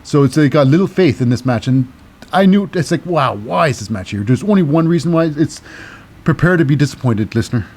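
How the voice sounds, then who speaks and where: Cynical man recapping wrestling with a fairly high voice. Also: lively intonation, fairly quick, darkish tone. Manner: cynical and wry, with many fillers. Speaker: podcast host.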